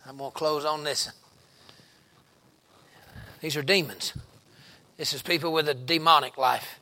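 A man preaching a revival sermon, telling stories in a folksy way and rising into shouted exhortation. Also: mid-range voice, normal speed, vocal fry, long pauses.

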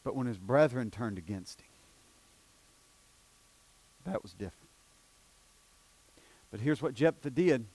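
A male pastor with an East Tennessee accent preaching in a church. He moves between quiet, low passages and loud, emphatic declarations. His voice sits at an ordinary male pitch, and the recording is close and dry. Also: expressive, unhurried, pauses often, slightly rough, no room sound. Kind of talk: sermon. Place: church sanctuary.

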